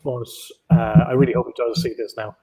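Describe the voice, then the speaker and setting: A man's voice: medium pitch, fairly even intonation, a little fast, warm tone, husky. A man with an Irish accent, a writer guest at a convention, talking casually in a rambling way with many restarts, heard over a video call. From Ireland. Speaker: comic book writer guest.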